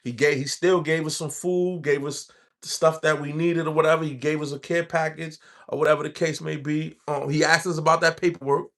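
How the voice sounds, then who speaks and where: A man's voice: fairly high pitch, steady tone, brisk, a bit bright. A man from the Bronx with a New York accent, telling a rambling street story in casual talk. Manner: streetwise, rambling, acts out quoted voices.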